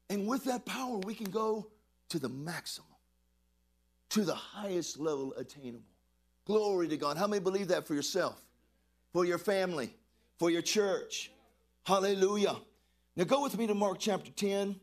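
A middle-aged man preaching a lively sermon, calling on the congregation to respond and shouting praises. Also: high voice, moderate pace. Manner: exuberant, call-and-response preaching. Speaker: pastor.

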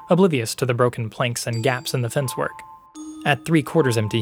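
A man reads a fantasy tale aloud with steady, measured pacing. His voice sits in an ordinary middle pitch, with soft music faint beneath it. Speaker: podcast narrator. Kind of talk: scripted audiobook narration.

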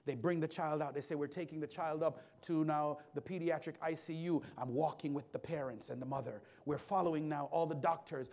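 A man preaching a sermon, telling a story from his work as a hospital chaplain, swinging from hushed to loud with repeated build-ups. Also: a little high, fairly even intonation, brisk, creaky, few pauses.

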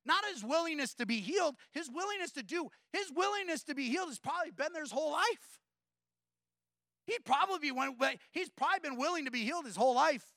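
Male pastor, sermon, conversational, gravelly bright voice, dry close sound. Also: very high voice, expressive, fast talker, no echo. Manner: conversational preaching, frequent "right?" asides.

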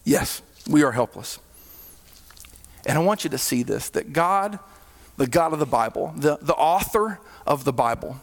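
A male pastor preaching a sermon, with sudden swells in volume and hushed, slowed drops. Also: on the high side, lively intonation. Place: church hall. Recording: reverberant hall.

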